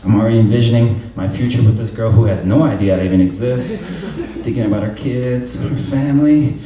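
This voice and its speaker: A man's voice: lowish voice, fairly even intonation, a little fast, crowd noise. A young man performing a stand-up comedy set, telling stories in a laid-back way and laughing at his own jokes. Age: young adult. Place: live comedy venue with audience laughter. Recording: roomy hall sound, mic at a distance, faint noise.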